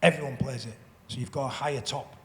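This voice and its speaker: A man's voice: medium pitch, fairly even intonation, quick pace, fairly bright tone. A man speaking as a panel guest in a live stage conversation, rambling and restarting often, repeating his words. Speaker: panel guest, former rugby league player. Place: festival stage in a hall. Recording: long hall reverb.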